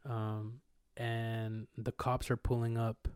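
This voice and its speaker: A man's voice: medium pitch, little pitch movement, takes it slowly, a little mellow, smooth, no room sound, studio quality. Slangy young man telling stories. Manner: slangy, rambling, acts out quotes with swearing. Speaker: podcast co-host. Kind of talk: casual storytelling chat.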